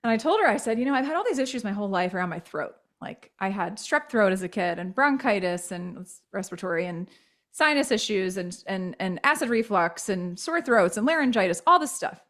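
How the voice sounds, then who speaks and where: A woman in her thirties speaks as a podcast guest, candid and reflective as she tells her own story. Her voice sits at an ordinary middle pitch. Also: lively intonation, a little fast, fairly bright tone.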